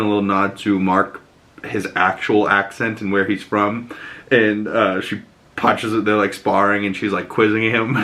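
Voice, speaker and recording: A man's voice: on the low side, sharp tone. A man, talking through a movie review in a chatty, enthusiastic vlog style, full of "you know" and casual swearing. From Boston. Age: 20s.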